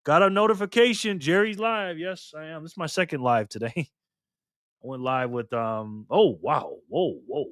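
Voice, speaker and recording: A man hosting a casual live stream, greeting viewers by name in an upbeat, lively way. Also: fairly high pitch, dry recording, studio quality. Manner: slow and earnest when speaking of freedom and tyranny.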